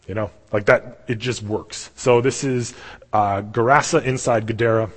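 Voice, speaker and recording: A young man preaching a sermon in a casual, animated storytelling way. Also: mid-range voice, normal speed. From Canada. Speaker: pastor. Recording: long hall reverb.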